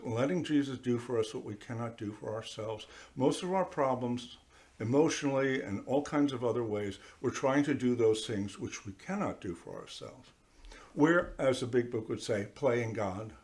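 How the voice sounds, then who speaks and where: A man, a priest giving a conversational sermon, talking straight to his listeners and acting out little voices as he goes. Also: medium pitch. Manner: animated, talks straight to listeners, acts out voices. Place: church.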